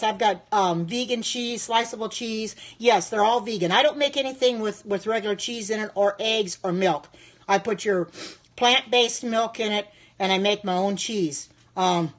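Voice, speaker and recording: A woman in her sixties chatting on a live stream as a home cook, reacting aloud to viewer comments in a devout, thankful way. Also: medium pitch. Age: 60s.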